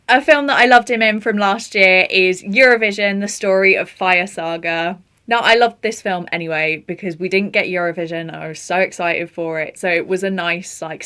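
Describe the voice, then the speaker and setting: A young woman chatting casually about her favourite film performances, gushing and animated, laughing often. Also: medium pitch. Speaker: film vlogger. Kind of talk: casual film review chat.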